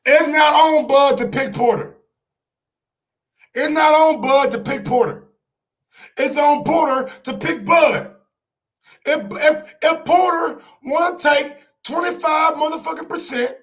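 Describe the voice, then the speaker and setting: Fired-up high-voiced man ranting. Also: a little slow, pauses often. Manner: fired-up, profane, repeats himself for emphasis. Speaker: sports show host. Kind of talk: heated live-stream rant.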